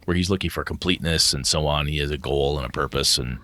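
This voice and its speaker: A man's voice: rumbling low, fast, bright, forceful tone, dry recording. A middle-aged man co-hosting a podcast in casual chat, blunt and emotional, swearing freely. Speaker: podcast co-host.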